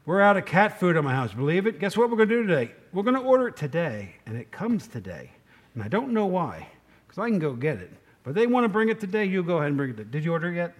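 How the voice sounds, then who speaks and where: A middle-aged male pastor delivers a rambling, conversational sermon. His voice sits a little high for a man. He keeps turning to the congregation with questions and drifting into personal asides. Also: very animated, quick pace.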